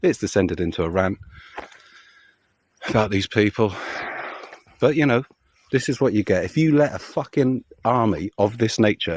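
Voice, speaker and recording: A man ranting angrily as a political commentary vlogger, sweary and heated with loud outbursts. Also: fairly low pitch, no echo. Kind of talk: angry profane rant.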